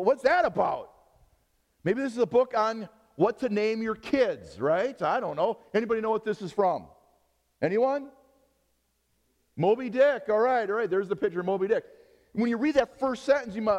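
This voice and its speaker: A man's voice: high voice, a little mellow, big-room sound. A middle-aged male pastor preaching a sermon, joking and quizzing his congregation.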